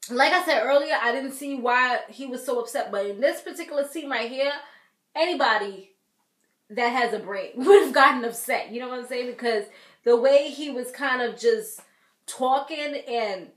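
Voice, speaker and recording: Chatty woman recapping TV, echoey room. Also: fairly high pitch. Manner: chatty, animated, laughs often, slangy asides. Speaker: reality TV recap host. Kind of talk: casual spoken recap.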